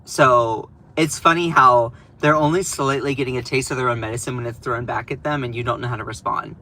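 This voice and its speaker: A young man talking in a casual political commentary vlog, animated and sarcastic, with lots of fillers and quick asides. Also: medium pitch, rough recording.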